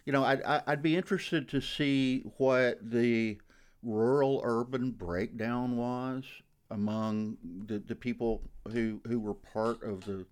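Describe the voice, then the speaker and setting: A man with a strong Southern US accent, a regular radio commentator speaking in a measured way and repeating words as he thinks. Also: mid-range voice, steady tone, smooth. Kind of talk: radio conversation.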